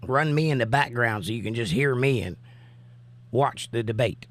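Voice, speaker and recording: Still recovering from a cough, a man runs a casual livestream, chatting and voicing viewers' comments. He has a mid-range, slightly bright voice and talks at normal speed.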